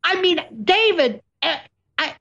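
A man's voice: extremely high pitch, expressive, creaky, pushed and bright. Theatrical ranting man, lo-fi line. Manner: theatrical, ornate vocabulary, rapid sarcastic rants. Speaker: guest commentator. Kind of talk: animated ranting chat.

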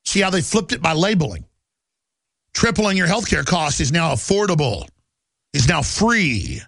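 A man with a raised, gravelly voice rants through a talk show monologue. He speaks fast and emphatically and sounds agitated throughout. The sound is close and dry, with no room echo. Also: a little high, big pitch swings, a bit bright. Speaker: radio and TV talk show host.

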